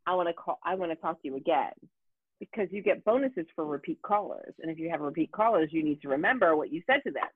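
A woman telling a story in casual talk, animated and profane, with many fillers and restarts. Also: lowish voice, quick pace, breathy edge, no room sound. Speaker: guest. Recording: tinny phone-like dry sound.

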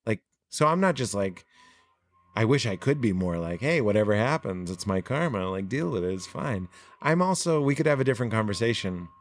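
A young adult man, a podcast guest, talking earnestly and animatedly in casual conversation, laughing often. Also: fairly low pitch.

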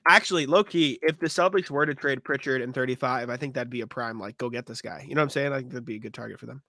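Sniffly young man, bright dry voice. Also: mid-range voice, fast talker, creaky, dry recording. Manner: laughs often, loose and joking. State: sniffly from allergies. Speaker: podcast co-host. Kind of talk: casual sports chat.

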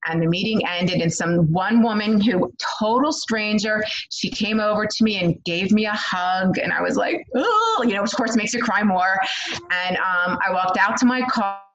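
A middle-aged woman, a guest on a podcast, tells her story in a candid, animated way with lots of "um" and "like". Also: mid-range voice, normal speed, slight background noise. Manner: candid, animated, frequent fillers like "um" and "like". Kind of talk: conversational storytelling. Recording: dull lo-fi sound.

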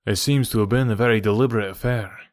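A man voicing a hearty, matter-of-fact police inspector who talks briskly and plainly. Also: fairly low pitch, no room sound, clean studio sound, natural voice.

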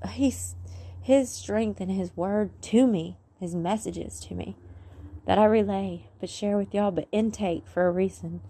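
Woman, unhurried earnest vlog testimony, preachy and rambling. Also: mid-range voice, warm tone, breathy edge. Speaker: vlogger sharing faith message. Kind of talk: heartfelt spoken testimony. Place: outdoors.

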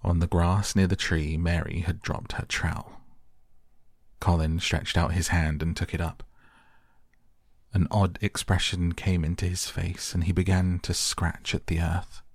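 A man reads a bedtime story in a calm, unhurried way. His voice is very low and gravelly, with a husky grain, and the sound is dry and close. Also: no echo. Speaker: audiobook narrator. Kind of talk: soft bedtime story reading.

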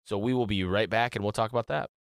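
A man's voice: on the low side, fast talker, vocal fry, clear, resonant tone, dry recording, clean studio sound. A man hosting a podcast in casual chat, joking and swearing as he talks. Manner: animated, swearing, mimics singers. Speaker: podcast host.

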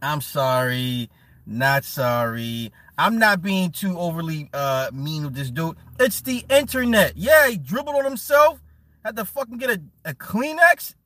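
A man's voice: high-pitched, expressive, normal speed, bright, forceful tone, no echo. A man streaming live and reading chat messages, talking casually in blunt, profane banter with frequent laughs, repeating words for emphasis.

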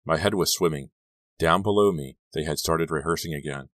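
A man reading a first-person story as an audiobook narrator, steady and measured. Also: a bass voice, dry recording, studio quality.

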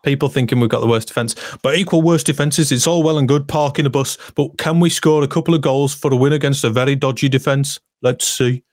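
A man co-hosting a football podcast in a chatty, easygoing way, reading listener comments aloud. His voice sits at an ordinary middle pitch. The sound is dry and close, with no room around it. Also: fast talker, few pauses, darkish tone, dry recording. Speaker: podcast co-host. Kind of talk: casual football podcast chat.

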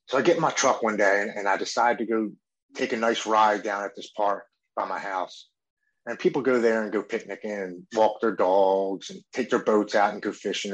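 A man in his thirties gives a personal recovery testimony about addiction, his voice fairly low and the recording rough. He speaks earnestly and with feeling, often voicing his past inner thoughts and words.

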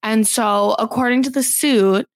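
A podcast co-host chats casually and with strong opinions, saying "like" often. Her voice is on the high side, at a measured pace, with no room sound.

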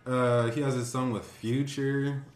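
A man's voice: mid-range voice, level tone, measured pace. A man guest on a casual podcast, hesitant and full of "uh" and "like" fillers. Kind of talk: casual chat. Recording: roomy echo.

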